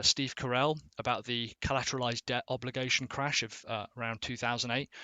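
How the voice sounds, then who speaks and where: A man explains a topic off the cuff, informal and a little sweary, checking in with his listeners as he goes. His voice is bright and forward, recorded close and dry with no room sound. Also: medium pitch, no room sound. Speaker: explainer video host. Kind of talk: casual explainer.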